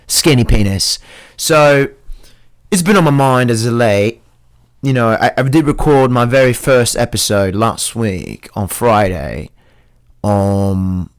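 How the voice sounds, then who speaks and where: A man's voice: mid-range voice, smooth. A young man hosting his own joking podcast alone, talking in a put-on accent that mixes British and Australian, crude, rambling and mocking himself. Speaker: host. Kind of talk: joking solo podcast monologue.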